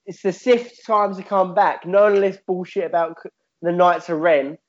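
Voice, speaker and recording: A man's voice: high-pitched, steady tone, moderate pace, close to an everyday voice. A man voicing a swaggering insect Sith lord who blusters like a tough-guy gangster. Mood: blustering. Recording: dull lo-fi audio.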